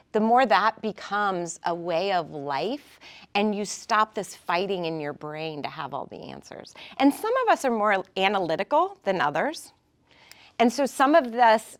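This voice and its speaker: Woman coaching a small group. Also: medium pitch. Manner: animated, warm coaching, frequent "right?". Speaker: group speaker. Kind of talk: casual talk to a small group. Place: indoor room with an audience.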